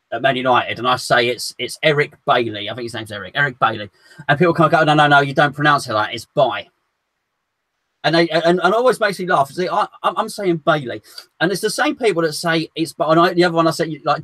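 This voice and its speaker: A man chatting casually on a fan show, cracking jokes and tripping over his words as he goes. His voice sits a little high for a man, and the sound is dry and close with no room around it. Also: a bit bright, no echo. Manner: joking, quick banter with stumbling restarts.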